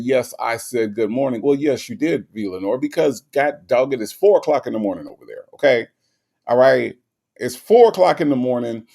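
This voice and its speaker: A man hosting a casual livestream, reading viewers' chat messages aloud and ranting, often profane. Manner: animated, swings high in pitch when ranting, profane; reads chat comments aloud and greets viewers.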